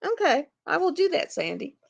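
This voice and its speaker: In a muffled recording, a middle-aged woman hosting a casual live chat talks at normal speed in a high, creaky voice with big pitch swings. She rambles through stories, laughs a lot, and mimics others' voices as the livestream host.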